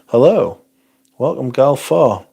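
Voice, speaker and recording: A man's voice: medium pitch, animated, takes it slowly, creaky, dark tone, breathy edge. A man hosting a casual livestream, swearing freely as he rants and answers viewer questions. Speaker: livestream host.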